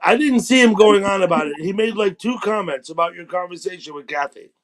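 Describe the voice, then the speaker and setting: A man hosting a livestream, calmly and firmly repeating his point to an upset viewer. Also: high voice, a little fast, a crowd in the background. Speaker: livestream host. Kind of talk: calm mediation.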